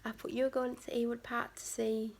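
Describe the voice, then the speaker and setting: A woman from England talking casually to her vlog camera, her voice fairly high and heavily gravelly with vocal fry. She rambles, leans on "like" as a filler, and often sinks to a near-whisper. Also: little pitch movement, normal speed, a little hiss or hum. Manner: rambling, chatty, many "like" fillers. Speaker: vlogger.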